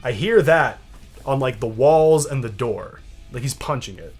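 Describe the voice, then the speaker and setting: A young podcast co-host casually tells a long story, animatedly acting out quotes in other voices and laughing often. His mid-range voice is slightly rough and a little slow, with soft background music behind it.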